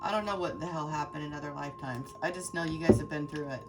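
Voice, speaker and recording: A woman's voice: deep voice, fast talker, far from the mic, loud music behind the voice. A woman giving a heartfelt, emotional tarot reading, speaking straight to her viewers with many fillers and restarts. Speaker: tarot reader.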